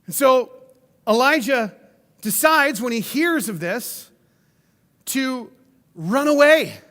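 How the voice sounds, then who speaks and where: A man's voice: very high voice, animated, takes it slowly, pushed and bright, big-room sound. A male pastor giving a sermon in a church, telling the story in an enthusiastic, conversational way with casual asides. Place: church sanctuary.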